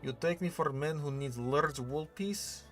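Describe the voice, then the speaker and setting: A man voicing a gruff, scornful Russian man in a jokey mock-Russian accent, clipped and haughty. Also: a little high, moderate pace, fairly bright tone, faint music behind, natural voice. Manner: haughty, clipped, dropped articles.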